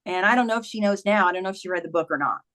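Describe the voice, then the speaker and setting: A woman's voice: medium pitch, very fast, a bit bright. A middle-aged woman, a memoir author, earnestly recounting a personal story in conversation, acting out quoted dialogue.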